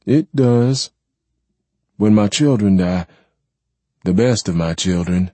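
A man voicing an ancient, controlling man speaking in a measured, weary way in a story reading. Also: on the low side, mellow, no echo.

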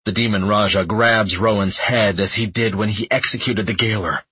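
A man narrating a fantasy audiobook in the first person, tense and measured. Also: fairly low pitch, steady tone, pushed and bright, breathy edge, no room sound, poor audio.

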